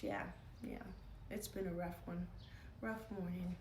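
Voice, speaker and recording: A woman's voice: fairly low pitch, big pitch swings, unhurried, a little mellow, echoey room, recorded from a distance, slight background noise. A tired woman streaming live, chatting casually and cooing baby talk at her pet.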